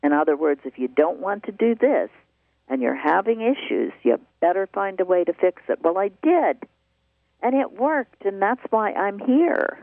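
Over a tinny, phone-like radio line with no echo, an older herbal shop owner hosting a call-in health show recounts her story earnestly. Her mid-range voice has lively intonation and a moderate pace, and she repeats words to stress them.

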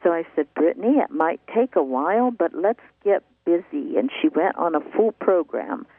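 A woman's voice: on the low side, expressive, normal speed, dry recording. An older woman hosting a call-in herbal health radio show, telling her story earnestly and repeating words for emphasis. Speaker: herbal shop owner and radio show host. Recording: tinny phone-like radio line.

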